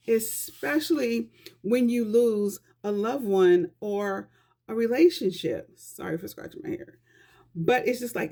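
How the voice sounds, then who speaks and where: In a casual vlog, a woman addresses her viewers directly, offering life advice in an earnest, conversational way. Her fairly high voice is dark in tone and a little slow, with a gravelly vocal-fry edge.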